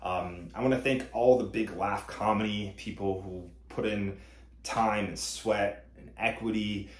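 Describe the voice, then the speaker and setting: A man's voice: deep voice, echoey room. A man who runs a comedy company, giving an earnest live-streamed announcement full of thanks.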